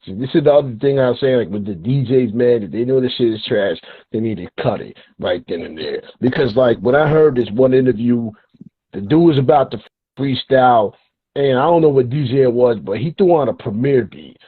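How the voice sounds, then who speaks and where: A man's voice: mid-range voice, animated, brisk, breathy edge. A man from New York with a New York accent, telling stories in emphatic, profane slang while hosting a casual hip hop interview. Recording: tinny, phone-like line.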